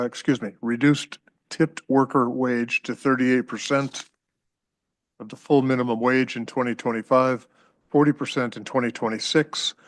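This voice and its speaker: A man chairing a public state board meeting, reading figures aloud in a measured, formal way and inviting speakers forward. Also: medium pitch, no echo. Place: government hearing room.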